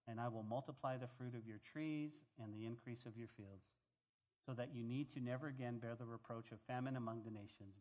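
A male pastor giving a sermon, talking to the congregation in a lively, conversational way and reading scripture softly at the close. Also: medium pitch. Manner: animated, conversational preaching with asides to the congregation.

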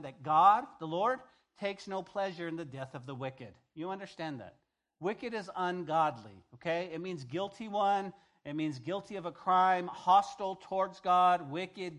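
A man's voice: on the high side, a bit bright. A male pastor giving a conversational sermon, reading scripture aloud and paraphrasing it in everyday speech.

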